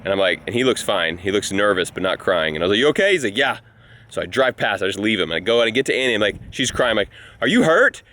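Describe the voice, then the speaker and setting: A man hosting a casual vlog, telling stories in a lively way and acting out the dialogue. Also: fairly low pitch, very fast. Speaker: vlogger host. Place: on a ranch, in and around a barn.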